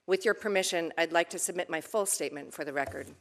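A woman in her fifties from the United States, reading prepared testimony at a committee hearing in a measured, earnest way that turns emotional at times. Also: fairly low pitch. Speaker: ambassador nominee testifying.

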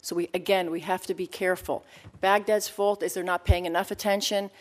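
A woman's voice: fairly low pitch, flat delivery, fairly quick. A woman giving testimony at a hearing, speaking earnestly and emphatically, often restarting her sentences. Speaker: expert witness at a hearing.

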